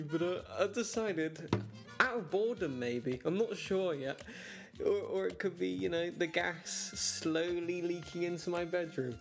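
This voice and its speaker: Rambling, joking male podcast host, slightly high voice. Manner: rambling, joking, self-mocking, laughs often. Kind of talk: casual solo podcast chat. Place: his own bedroom.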